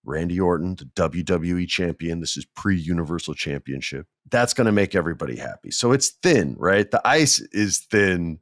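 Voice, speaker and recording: Low-voiced man telling a wrestling-style anecdote. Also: normal speed, few pauses, no echo, clean studio sound. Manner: animated, jokey, acts out quoted people. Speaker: podcast host. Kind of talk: casual storytelling monologue. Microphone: podcast mic, on video.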